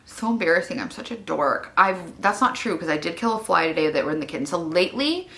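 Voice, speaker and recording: A young woman vlogs casually from her home in a fast, animated voice that sits on the low side and sounds a bit bright. She rambles chattily, packing in lots of "like" fillers, and at times grows emotional.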